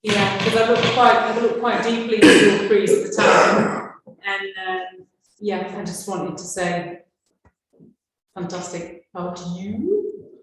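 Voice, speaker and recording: A woman's voice: medium pitch, lively intonation, takes it slowly, fairly bright tone. Woman speaking in a very echoey room. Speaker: retreat participant. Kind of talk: casual chat.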